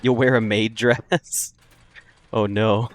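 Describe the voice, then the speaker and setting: Low-voiced joking gaming streamer man. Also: fairly even intonation, slow. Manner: joking, laughs often, reacts to chat. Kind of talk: casual let's-play commentary.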